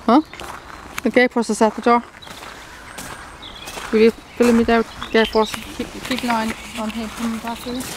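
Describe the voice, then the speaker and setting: A woman's voice: on the high side, flat delivery, moderate pace, pauses often. A woman chats while filming at a horse stud, repeating herself and cooing to the horses. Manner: chatty, repeats herself, coos and talks to the horses. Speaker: horse enthusiast vlogger. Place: outdoors at stud stables. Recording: outdoor camera audio with clear background noise. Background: outdoor ambience with horses and birds.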